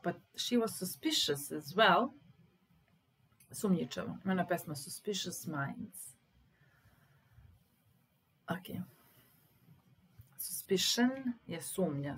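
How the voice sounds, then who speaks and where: A woman with a Serbian accent teaching English grammar, patiently stressing example sentences slowly. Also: low-pitched, husky, low-quality recording.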